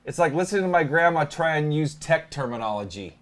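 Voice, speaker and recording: Lively, teasing male co-host. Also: a little high. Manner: animated, teasing, quick to laugh. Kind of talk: casual live-stream chat.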